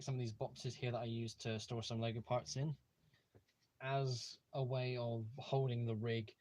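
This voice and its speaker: A man's voice: medium pitch, darkish tone. A young man hosting a casual livestream from a room at home, talking eagerly and rambling with many fillers and restarts. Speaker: livestream host. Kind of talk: casual live-stream chat.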